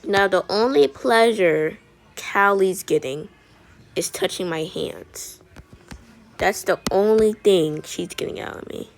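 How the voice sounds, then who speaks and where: A woman's voice: medium pitch, slow pace, vocal fry. A woman video creator chatting while she colors. She talks in a sassy, rambling way and often stumbles and restarts her words.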